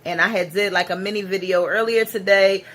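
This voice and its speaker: A woman's voice: medium pitch, steady tone, brisk, a bit bright. A woman in her thirties speaking in a casual personal vlog, teary and rambling, with many restarts. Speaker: vlogger.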